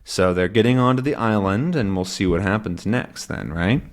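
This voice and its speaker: A man teaching English to learners, explaining a comic slowly and patiently, repeating and rephrasing, often checking "right?". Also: fairly low pitch. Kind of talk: slow explanation for language learners.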